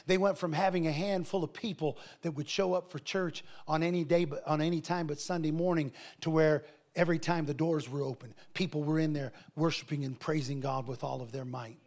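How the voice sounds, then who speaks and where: A middle-aged man preaches with a high, gravelly voice. He is animated and slips into the voices of people from his stories. It is a lively sermon from the pulpit. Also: fairly quick. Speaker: pastor.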